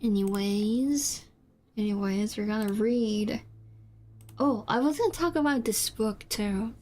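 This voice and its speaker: A woman's voice: medium pitch, measured pace, darkish tone. A young woman from South Korea whose first language is Korean, chatting casually on stream in a rambling, hesitant way with many fillers and restarts. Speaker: VTuber streamer. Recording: faint background music.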